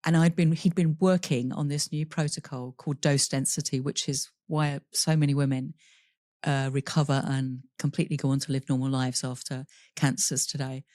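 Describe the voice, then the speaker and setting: Woman telling her story on a podcast, candid, laughs through the rough bits, dry close sound. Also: rumbling low, level tone, moderate pace, darkish tone, no echo. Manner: voices other people in quoted dialogue. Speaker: podcast guest. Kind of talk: personal storytelling in an interview.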